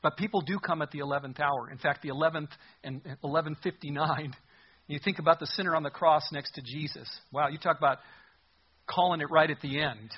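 A man preaches a sermon with a slightly raised, husky voice. He reads scripture aloud and leans into his points with earnest emphasis. The recording sounds dull and lo-fi. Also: a little high, brisk. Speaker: pastor.

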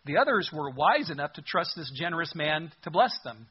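A man's voice: fairly high pitch, big pitch swings, fairly quick, breathy edge, highs cut off. A man preaching a sermon as a pastor, reading scripture aloud and pressing his points with earnest, rising emphasis.

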